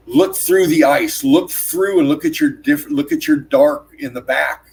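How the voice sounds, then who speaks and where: A man's voice: very animated, vocal fry, darkish tone. A man hosting his own channel, urgently narrating over on-screen footage, swearing often and repeating his words as he points out details to his viewers. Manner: urgent, profane, repeats "look at this" constantly; rapid emphatic pointing words like "bam" and "boom". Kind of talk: excited on-screen analysis commentary.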